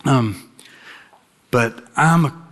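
A middle-aged man from Kentucky preaching a sermon, swinging from loud emphatic exhortation to slow hushed phrases, with folksy jokes for the congregation. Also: mid-range voice. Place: large church sanctuary. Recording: long hall reverb from a church sanctuary.

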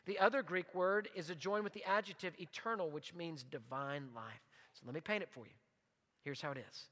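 Pastor, male, high bright voice, emphatic sermon delivery, church hall reverb. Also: fairly quick. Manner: emphatic preaching, drops to a hushed low voice for prayer; leads call-and-response repetition.

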